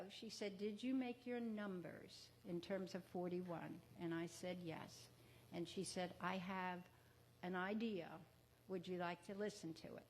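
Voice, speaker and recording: A woman hosting a memorial ceremony in a museum, speaking warmly and haltingly with fillers and self-corrections. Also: mid-range voice, a little hiss or hum. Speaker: exhibition organizer and ceremony host. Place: museum event room.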